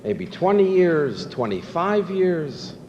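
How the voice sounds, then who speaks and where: A man's voice: a little high, animated, a little slow, darkish tone, in a large hall, highs cut off, a little hiss or hum. A man doing a sincere old praying man. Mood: matter-of-fact. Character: devout old Jewish man, sincere and persistent.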